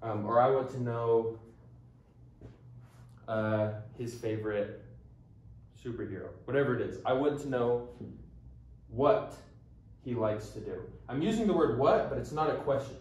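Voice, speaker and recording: A man's voice: medium pitch, normal speed, pauses often. Man teaching in an echoey room. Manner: relaxed, explains with many ums and restarts. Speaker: language teacher. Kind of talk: casual language lesson. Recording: echoey room, mic at a distance.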